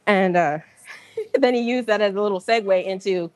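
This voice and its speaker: A woman's voice: medium pitch, moderate pace, darkish tone, dry recording. A woman chatting casually on a livestream from the gym, telling stories in slang with laughs and acting out other people's lines. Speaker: livestream host.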